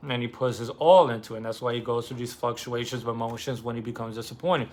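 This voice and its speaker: A man casually retelling a novel on his vlog, loose and animated, with lots of fillers and swearing. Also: mid-range voice, fast. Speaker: book vlogger.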